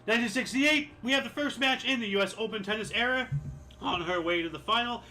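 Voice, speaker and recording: A man's voice: high voice, fast, bright, forceful tone, soft background music, low-quality recording. A man hosting a history show, reading through dates with sarcastic asides and correcting himself, his voice a little dry and cracking. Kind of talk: casual commentary reading dates.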